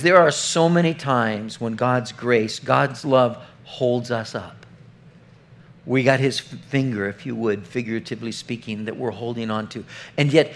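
A middle-aged man preaching an earnest, conversational sermon, often putting questions straight to the congregation. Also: medium pitch. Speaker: pastor.

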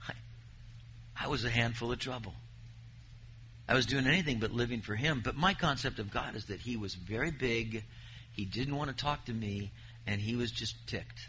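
Bright-voiced man preaching a sermon. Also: mid-range voice, moderate pace, long pauses, lo-fi sound, a little hiss or hum. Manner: emphatic preaching, reads scripture aloud.

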